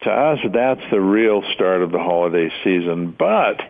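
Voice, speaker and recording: Deep, gravelly male radio co-host, casual and teasing, heard over thin phone-band audio. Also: animated, moderate pace, phone-quality sound. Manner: chatty, wry teasing.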